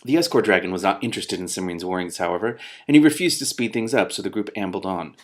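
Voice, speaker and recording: Man reading aloud, excitable asides, slightly low voice. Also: fast talker. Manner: excitable, self-mocking asides. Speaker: book reader and commentator.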